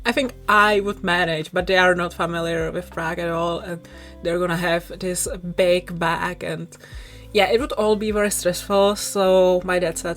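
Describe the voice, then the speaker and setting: Young Czech-accented woman, slightly low voice, rambling casual chat, soft music behind. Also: flat delivery, normal speed. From southern Bohemia, Czech Republic. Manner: rambling, self-conscious, laughs often. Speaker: YouTuber. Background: soft background music.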